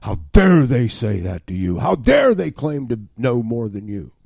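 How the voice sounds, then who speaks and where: A man's voice: mid-range voice, very animated, measured pace, creaky, darkish tone, slightly rough, no room sound, studio quality, voice pushed up, exaggerated voice. A preacher voicing Satan as a male tempter who goads a listener in an urgent, needling tone that drops to a whisper. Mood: goading.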